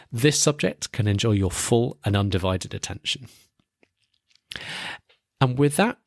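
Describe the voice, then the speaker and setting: A man's voice: medium pitch, dry recording. Earnest male podcast host, dry close sound. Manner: encouraging, earnest advice to listeners. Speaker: podcast host and exam coach. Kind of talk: scripted podcast narration.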